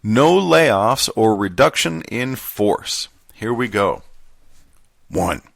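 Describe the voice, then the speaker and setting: A man reading a contract manual aloud in a put-on Southern gentleman voice, measured and formal. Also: mid-range voice, animated, creaky, no echo, full character voice. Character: genteel Southern gentleman reading legal text.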